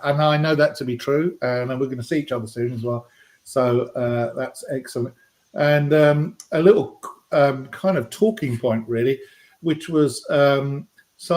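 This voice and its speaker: A man's voice: a little high, a little mellow. Chatty British man hosting a livestream. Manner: chatty, rambling, lots of ums and uhs. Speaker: livestream host. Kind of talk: casual live-stream chat.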